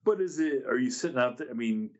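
A man's voice: medium pitch, expressive, fast, dull audio. A man hosting a podcast, musing and rambling in casual chat. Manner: rambling, musing, laughs easily. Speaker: podcast host.

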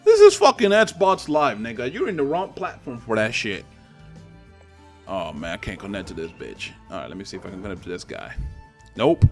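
A man's voice: fairly low pitch, very animated, normal speed, faint music behind. A young man giving profane, trash-talking commentary over online gameplay at home. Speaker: gaming channel host. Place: home apartment with neighbors upstairs.

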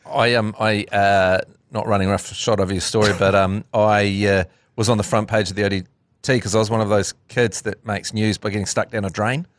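A man's voice: on the low side, level tone, fairly quick, no echo. A man with a New Zealand accent co-hosting a podcast, chatting with wry, teasing humour. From Dunedin, New Zealand. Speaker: podcast co-host. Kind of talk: casual chat.

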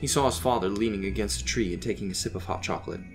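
A man narrates a fictional story in an even, gentle manner. His voice sits low, and faint music plays quietly behind him. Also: very fast, vocal fry.

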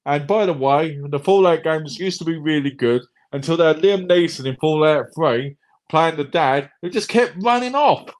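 A man chatting casually on a livestream, joking and retelling comedy scenes in a rambling, animated way. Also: fairly high pitch, moderate pace.

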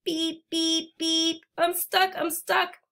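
Storybook read-aloud: woman voices a cheerful little blue truck in a high, bright, excited voice. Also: slow pace, full character voice. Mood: panicked. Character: small friendly male toy truck, cheerful.

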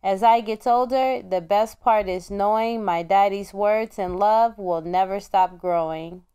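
Slow, smooth woman storyteller. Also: mid-range voice. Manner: gentle, measured reading. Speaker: storybook reader. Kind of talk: children's book read aloud.

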